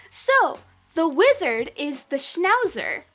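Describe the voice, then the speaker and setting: High, lively, excitable woman. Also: very slow, soft background music. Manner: excitable, gushing. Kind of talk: casual group chat.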